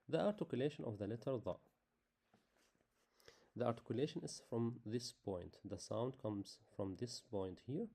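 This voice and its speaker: A man with as his teaches a beginners' lesson in halting English. His voice is low and mellow, and he speaks slowly, repeating himself patiently. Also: vocal fry. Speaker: Arabic teacher.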